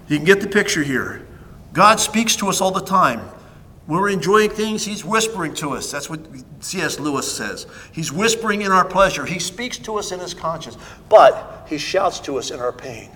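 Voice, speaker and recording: A man preaching a sermon as pastor, emphatic, swinging between hushed asides and loud stresses. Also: high voice, expressive, normal speed, long reverb tail, poor audio.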